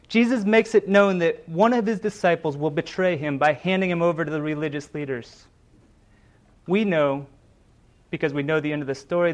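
High-voiced man preaching a sermon. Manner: earnest, dramatic retelling of scripture with emphatic quoted lines.

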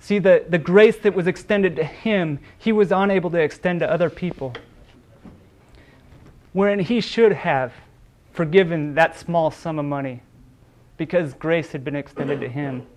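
Male pastor, high-pitched, earnest sermon delivery with small restarts. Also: moderate pace. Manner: earnest preaching with repeated words and brief restarts.

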